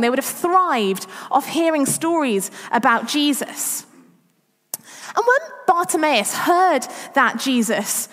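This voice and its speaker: High-pitched woman, preaching in a church hall, long reverb, chatty and animated. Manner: chatty, self-deprecating, animated retelling. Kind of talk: church talk.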